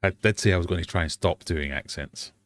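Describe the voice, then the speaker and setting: British male stream host, lowish voice, jokey quizmaster, dry recording. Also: a little fast, fairly bright tone, no echo. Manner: playful, jokey, laughs at himself. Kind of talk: casual quiz chat. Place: home fish room.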